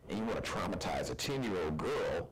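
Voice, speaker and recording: A man's voice: low-pitched, very animated, a little fast, background noise. A man hosting a live online talk show, delivering a passionate, preachy monologue. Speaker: host.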